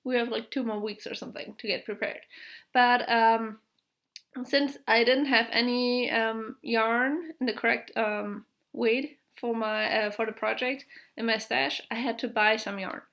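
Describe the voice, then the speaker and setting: A young woman from Germany with a German accent, chatting casually on her podcast, pausing often with fillers and small laughs. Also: a little high, steady tone, creaky, fairly bright tone. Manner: hesitant, full of fillers, light laughs. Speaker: podcast host. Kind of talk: casual video podcast chat.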